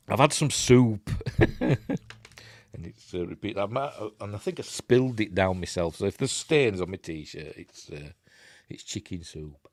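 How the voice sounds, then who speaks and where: Yorkshire man, live-stream news host, rambling chatty commentary, animated voice, dry close sound. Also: fairly low pitch, moderate pace, no room sound. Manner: rambling, chatty asides while reading articles aloud.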